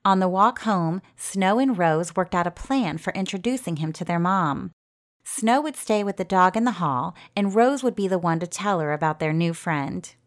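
A woman narrating a fairy tale in a gentle storytelling manner. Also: fairly low pitch, expressive, moderate pace.

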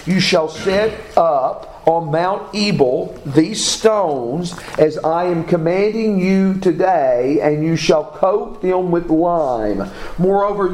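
A man's voice: sits high, a little mellow. A man teaching a Bible class, reading scripture aloud and asking his students questions. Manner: reads scripture aloud, asks class questions, self-corrects. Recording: echoey room, faint background noise.

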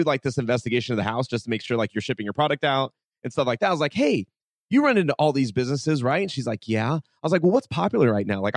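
A man of medium pitch, a guest on a podcast, tells stories casually and with lots of energy, acting out conversations and saying "like" frequently. The interview is studio quality with no echo.

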